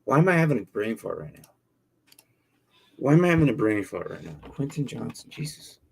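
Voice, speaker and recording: A man's voice: mid-range voice, sing-song, fairly quick, creaky, breathy edge. A man hosting a casual live stream, reading viewer questions and thinking aloud with plenty of fillers and repeated words. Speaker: livestream host answering fantasy football questions.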